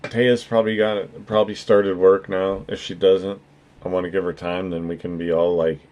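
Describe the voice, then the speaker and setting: A man's voice: sits low, little pitch movement, moderate pace, darkish tone, muffled recording. A man chatting casually on his livestream, rambling and earnest, swearing freely as he thanks his viewers. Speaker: streamer.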